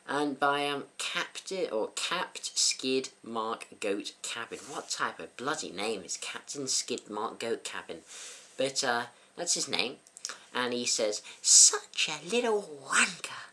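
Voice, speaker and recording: A man's voice: mid-range voice, sharp tone. A young man in casual comedic commentary, dry and self-mocking, hesitant with many fillers. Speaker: YouTube host reading troll comments.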